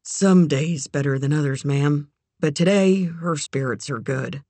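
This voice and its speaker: A woman voicing a shy, polite eighteen-year-old young man in a low, quiet voice. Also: unhurried, no room sound.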